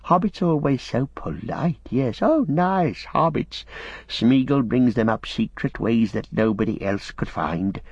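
Gollum, a hissing wretched creature. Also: male voice, mid-range voice, lively intonation, measured pace, darkish tone, slightly rough, dry recording, dull audio, pitched above the performer's own voice. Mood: hissing, aggrieved. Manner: hissing, wheedling, sing-song repetitions. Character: wretched shrunken creature, sly and whining.

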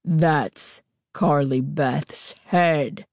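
A menacing masked girl, as a woman reader puts her on speaks in a deep, throaty rasp. Her words come slowly and coldly, low in pitch and dark in tone. The sound is close and dry. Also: no echo, heavily acted. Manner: slow, growling and threatening.

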